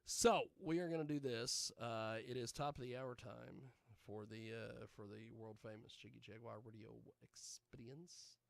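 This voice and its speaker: A man with a gravelly, fry-heavy voice hosts a loose live show, drifting between topics and muttering jokey asides to himself. His voice sounds dry and close, with no room sound around it. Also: mid-range voice, steady tone, normal speed, few pauses, no echo. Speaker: radio show host. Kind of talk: casual live show chat.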